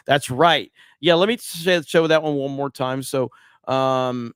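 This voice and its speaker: A man's voice: medium pitch, measured pace, a bit bright, clear, resonant tone, no echo, studio quality. A man hosting a live stream casually, reading viewer messages aloud, laughing often and filling with ums. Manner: laughs a lot, loose, filler-heavy.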